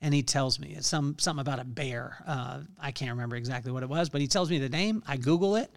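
A middle-aged man hosting his podcast, telling an unscripted motivational story in an earnest way, halting often with fillers. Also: mid-range voice, creaky. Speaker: podcast host.

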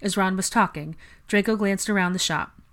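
A woman narrating a fan fiction audiobook in a steady storytelling delivery. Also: medium pitch, normal speed.

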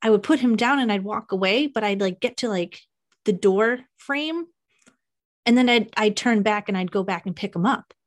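A young woman hosting a podcast, telling a painful personal story in a halting, emotional confession. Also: medium pitch. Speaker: podcast host.

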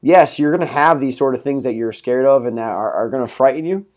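A man's voice: medium pitch, fairly quick, darkish tone. Upbeat rambling male podcast host. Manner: upbeat, rambling, many likes and laughs. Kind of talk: casual solo podcast talk.

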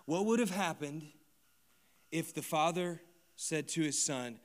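A man preaching a sermon to a congregation. He moves from quiet, close asides to loud, emphatic repeated lines. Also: fairly high pitch, a little slow. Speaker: pastor. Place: church service before a congregation.

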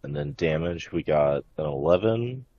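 Very deep-voiced man, dull dry mic. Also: animated, normal speed, a little hiss or hum. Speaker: player. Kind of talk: casual tabletop play.

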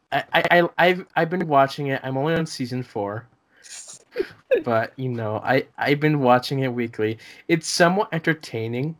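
A young man co-hosting a casual podcast, laughing often and stumbling over restarts. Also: mid-range voice. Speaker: podcast co-host. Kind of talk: casual chat.

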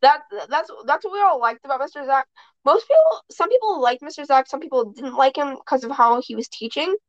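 A woman's voice: high voice, expressive, fairly quick, dry recording. A woman hosting a podcast and chatting casually, telling rambling stories that restart mid-sentence. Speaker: podcast host. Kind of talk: casual chat. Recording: dull, dry sound.

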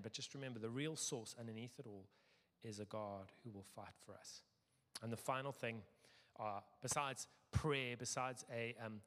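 A middle-aged man preaching a sermon as pastor, lively, acting out quoted voices with sudden jumps in pitch. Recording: long hall reverb.

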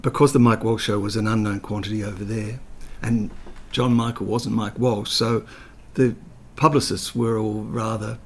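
Gravelly older man telling stories. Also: lowish voice, little pitch movement, moderate pace, slight background noise. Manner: chatty storyteller, hesitant with fillers, slips into voices. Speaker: interview guest, writer. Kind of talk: anecdotal interview talk.

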